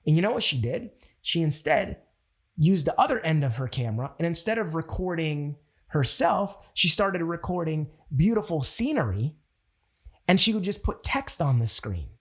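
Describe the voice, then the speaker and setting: Male sales trainer, husky voice, slightly high, animated storyteller. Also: normal speed. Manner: animated storytelling, acts out quotes. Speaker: network marketing trainer. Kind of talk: motivational training talk.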